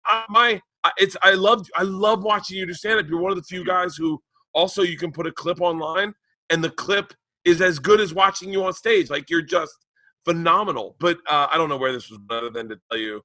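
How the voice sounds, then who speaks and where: A man's voice: sits high, brisk, sharp tone, dry recording. A man co-hosting a podcast in casual chat, rambling and restarting his sentences over an unstable internet call. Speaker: podcast co-host.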